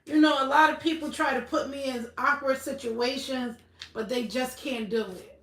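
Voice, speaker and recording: Woman streamer, high voice, blunt and cussing, roomy echo, bit far from the mic. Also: steady tone, moderate pace, a bit bright. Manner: blunt, profane, emphatic. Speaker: livestream host. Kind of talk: casual livestream chat.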